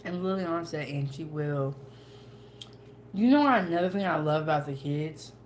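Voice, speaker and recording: A woman's voice: fairly low pitch, animated, a little fast, a little hiss or hum. A young woman, hosting a cooking channel in casual, folksy chat as she eats. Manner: chatty, folksy, with dialect grammar. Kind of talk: casual chat while eating.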